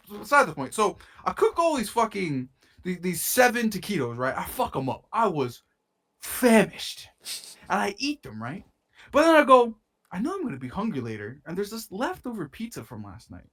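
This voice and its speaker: Young male podcast co-host, lively swooping delivery, slangy and profane storyteller, slightly stuffy nose. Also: high voice, normal speed. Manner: animated storytelling, lots of swearing and slang. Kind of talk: casual chat.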